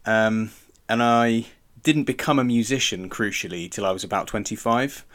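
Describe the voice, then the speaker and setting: A man's voice: fairly low pitch, moderate pace, fairly bright tone. A man co-hosting a podcast, talking in a rambling way, correcting himself and chuckling often. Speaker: podcast co-host. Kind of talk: casual chat.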